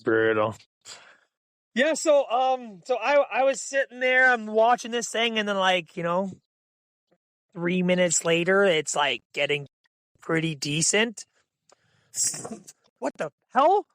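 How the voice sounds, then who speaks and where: A young man telling hunting stories as a podcast guest, in an excitable, animated way full of fillers. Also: sits high, unhurried, smooth, dry recording. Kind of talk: casual storytelling.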